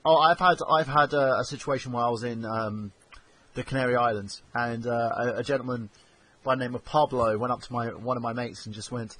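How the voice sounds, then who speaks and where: A man hosting a podcast, chatting casually and acting out quotes in animated, swearing stories. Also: mid-range voice, brisk, low-quality recording. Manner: animated storyteller, acts out quotes, swears freely. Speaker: podcast host. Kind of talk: casual chat. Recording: crowd noise behind.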